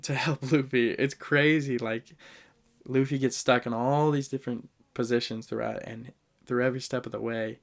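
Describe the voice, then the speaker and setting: A man hosting a podcast, giving an animated, slangy ranking of favorite moments and talking straight to the listeners. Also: medium pitch, moderate pace, gravelly. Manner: animated storytelling, swings loud and soft; slangy, addresses listeners directly. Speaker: podcast host. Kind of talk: casual fan ranking talk.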